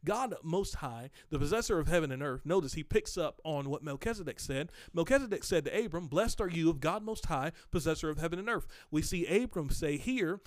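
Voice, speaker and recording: A man preaching a sermon, reading scripture aloud and explaining it conversationally, moving between slow emphasis and quick asides. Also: fairly high pitch, expressive, no room sound, clean studio sound.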